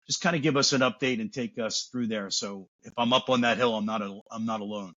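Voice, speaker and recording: A man's voice: fairly low pitch, brisk, fairly bright tone, highs cut off. A man co-hosting a podcast, asking rambling, hesitant questions. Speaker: podcast co-host.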